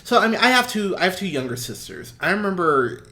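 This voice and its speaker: Podcast co-host, man, slightly high voice, animated casual movie chat with frequent laughs. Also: a little fast. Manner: animated, swings loud and soft, laughs often.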